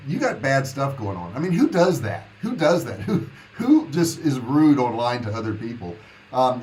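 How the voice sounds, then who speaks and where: A man's voice: medium pitch, slight background noise, rough recording. A man coaching online sellers in a casual live question-and-answer talk, folksy and repeating points for emphasis.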